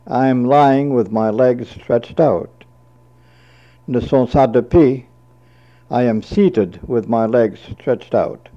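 Slow man reading a word list. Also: medium pitch, mellow. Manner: reads each word, then repeats and translates it. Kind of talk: slow dictionary reading with translations. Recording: dull lo-fi recording.

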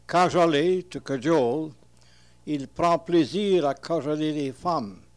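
Slow, measured man reading word lists. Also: a little high. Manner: measured, deliberate, pauses between terms. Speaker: reader translating an old dictionary.

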